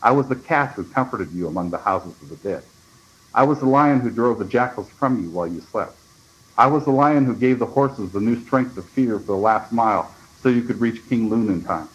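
A man voicing a great majestic lion in a storybook reading, slow and solemn. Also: on the low side, lo-fi sound, natural voice.

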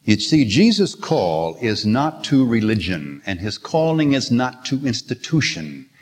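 A man's voice: medium pitch, sing-song, unhurried. Older male preacher in a reverberant hall. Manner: earnest, storytelling, quotes scripture with emphasis. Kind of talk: sermon. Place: church sanctuary. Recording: long reverb of a large hall.

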